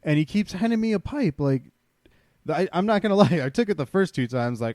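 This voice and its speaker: A man's voice: high voice, expressive, brisk, a little mellow, dry recording, clean studio sound. Laid-back, cussing man on a podcast. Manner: profane, laid-back storytelling. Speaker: podcast co-host. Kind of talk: casual chat.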